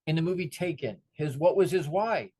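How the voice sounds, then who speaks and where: Animated man giving a motivational talk. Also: fairly high pitch, normal speed, husky, no room sound. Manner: animated, acts out the voices of people in his stories. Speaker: motivational speaker.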